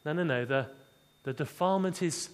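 A man preaching a sermon in a fairly high voice. He is expressive and dramatic, often dropping low and quiet to drive a point home. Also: fairly quick, clean tone.

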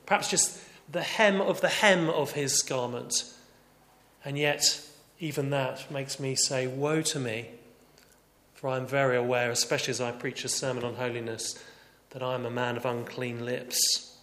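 A man's voice: medium pitch, steady tone, normal speed. Earnest male preacher in an echoey hall. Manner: earnest, shifting between raised emphasis and quiet reflection. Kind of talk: sermon.

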